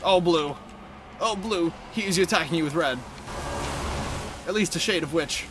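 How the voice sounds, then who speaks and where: A man giving casual gameplay commentary in an excitable, exclamatory way, swearing freely. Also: on the high side, normal speed, noisy background. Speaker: video game let's-player.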